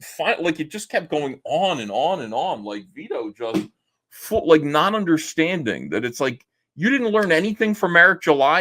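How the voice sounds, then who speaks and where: A man's voice: on the high side, fairly bright tone. A middle-aged man hosting a stream, rambling and mocking as he gives a casual, profane rant. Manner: mimics others in raised voice when quoting. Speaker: streamer host.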